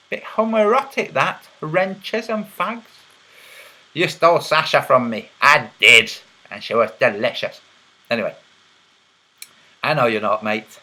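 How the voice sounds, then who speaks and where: A man hosting a casual livestream, teasing his chat and laughing at his own jokes. His voice is bright and gravelly, and he talks slowly with big swings in pitch. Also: poor audio. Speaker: livestream host reading chat.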